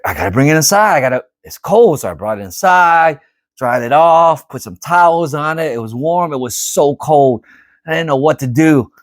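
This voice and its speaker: Animated rambling man, bright dry voice. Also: fairly high pitch, no echo. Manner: animated, rambling, repeats himself. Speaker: vlogger. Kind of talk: casual storytelling to camera.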